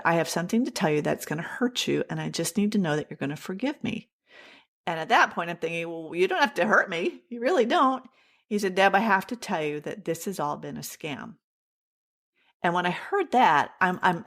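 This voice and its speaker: A woman telling her personal story as an interview guest, animated and acting out the dialogue she quotes. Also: on the low side.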